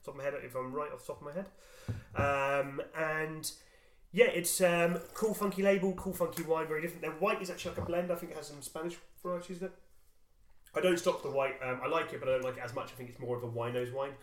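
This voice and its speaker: A man talks quickly as he gives blunt, opinionated takes on wine in a casual podcast chat. His voice is at an ordinary middle pitch, and the room has a noticeable echo. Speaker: podcast co-host, wine seller. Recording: echoey room.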